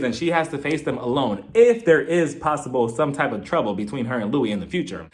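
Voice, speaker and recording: A young man giving a casual, jokey review of a reality TV episode, talking in an animated, chatty way with lots of "like" fillers. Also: on the high side.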